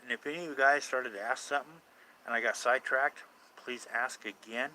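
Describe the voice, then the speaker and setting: A man's voice: mid-range voice, brisk, pushed and bright, a little hiss or hum, poor audio. A man casually chatting with viewers on a paranormal live stream, rambling from point to point and swearing now and then. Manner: rambling, swears casually, answers chat questions.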